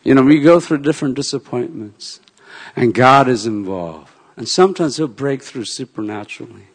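Animated preacher man in a reverberant hall. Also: medium pitch, normal speed, breathy edge. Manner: animated, swings from shouting to soft. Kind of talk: sermon storytelling.

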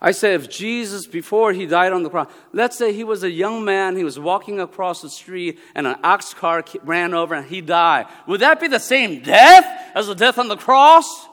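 A man who is a Presbyterian minister, giving a humorous sermon talk with animated storytelling, bursts of exclamation and laughter. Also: high voice, normal speed, few pauses. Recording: long reverb of a large hall.

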